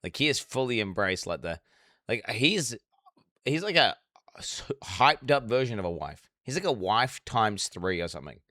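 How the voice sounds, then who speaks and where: A man's voice: on the low side, big pitch swings, moderate pace, bright, forceful tone, dry recording, studio quality. A man streaming as he reacts to a video, talking bluntly and profanely in casual commentary.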